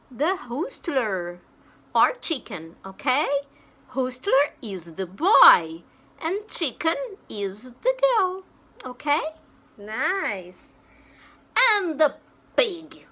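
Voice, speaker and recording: Female teacher for kids, very slow, bright voice, playful animal noises. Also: high-pitched, wildly swooping pitch. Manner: slow, exaggerated, imitates animal sounds. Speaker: English teacher for young children. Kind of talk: online lesson for children.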